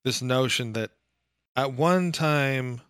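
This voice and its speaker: A man's voice: mid-range voice, takes it slowly, a bit bright, clean tone, dry recording, studio quality. A man co-hosting a casual discussion podcast, talking loosely with many fillers. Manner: loose, filler-heavy talk. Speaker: podcast co-host.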